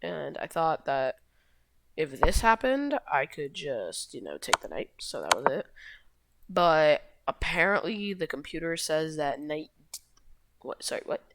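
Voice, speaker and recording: A woman's voice: low-pitched, big pitch swings, unhurried, fairly bright tone, slight background noise. A woman casually walking through chess positions, rambling and correcting herself, shrugging off mistakes with a loose, offhand manner. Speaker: chess video host. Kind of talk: casual chess game walkthrough.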